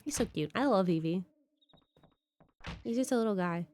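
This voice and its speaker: A woman's voice: medium pitch, expressive, normal speed, long pauses, a little mellow. A woman streamer chatting playfully over a video game. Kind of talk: casual game stream commentary.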